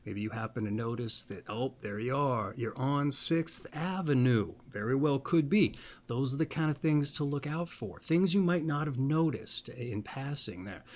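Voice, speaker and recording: A man hosting an astrology video, rambling playfully with little asides, then reading a birthday text slowly and deliberately. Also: medium pitch, expressive. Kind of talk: casual monologue and reading aloud.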